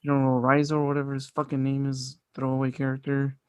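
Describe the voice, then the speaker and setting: A man in casual podcast talk, gushing about a film with loose, rambling sentences and plenty of swearing. His voice sits at an average pitch, recorded close and dry with no room sound. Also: completely flat delivery, fast, darkish tone, clear, resonant tone, no echo. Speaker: podcast co-host. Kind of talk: casual movie review chat.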